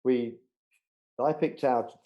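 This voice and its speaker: A middle-aged man, telling an animated anecdote in a casual live interview, acting out the voices of other people. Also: medium pitch, slow pace, muffled recording. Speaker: budgerigar breeder telling a story.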